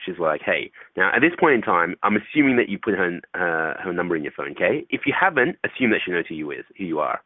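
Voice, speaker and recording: A man's voice: deep voice, big pitch swings, quick pace, hardly any pauses, slightly rough, no echo. A man guest coaching on dating, talking loosely with swearing and acting out phone calls. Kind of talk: casual interview talk. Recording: tinny phone-like line, dry.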